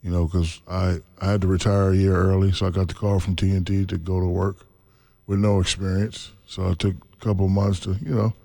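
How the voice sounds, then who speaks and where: A man in his forties, a former basketball center, telling stories in a relaxed interview and laughing often. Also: sits low, brisk, creaky. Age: 40s. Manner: laid-back, laughs often, acts out quotes. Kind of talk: casual storytelling interview.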